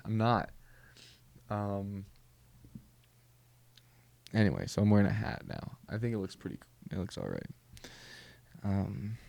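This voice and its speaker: A man hosting a comedy podcast, talking in a rambling, deadpan way with many restarts. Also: on the low side, dry recording. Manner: rambling, self-interrupting, deadpan. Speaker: podcast host. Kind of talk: comedic monologue.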